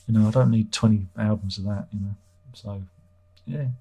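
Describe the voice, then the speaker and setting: Middle-aged male streamer, husky and irreverent, chatty comment-reading host. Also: on the low side, fairly even intonation, fairly quick, dark tone. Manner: irreverent, joking, swears freely. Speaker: livestream host. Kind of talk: casual livestream chat reading viewer comments.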